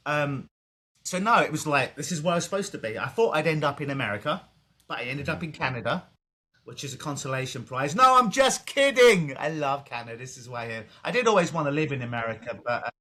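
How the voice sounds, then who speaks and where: A man's voice: medium pitch, quick pace, sharp tone. A man with an English accent, a clinical hypnotist talking casually in an interview over a video call, vivid and joking, with the odd swear word. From England.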